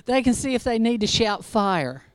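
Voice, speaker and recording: A woman's voice: on the high side, very animated, moderate pace, dry recording. A woman preacher giving a conversational sermon, chatty and humorous, with wry asides to the congregation.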